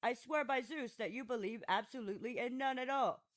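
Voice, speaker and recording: A woman's voice: fairly high pitch, brisk, natural voice. A woman narrating an audiobook voices a young male accuser who gives short, blunt, stubborn replies. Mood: curt. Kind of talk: audiobook reading of a classic dialogue.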